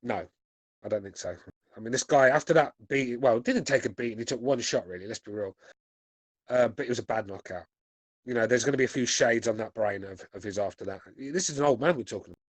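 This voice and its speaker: Casting: blunt, sweary British male host, forties, mid-pitched, dry close-mic sound. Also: fast talker, dry recording. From United Kingdom. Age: 40s. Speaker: podcast host reading chat. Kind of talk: casual chat.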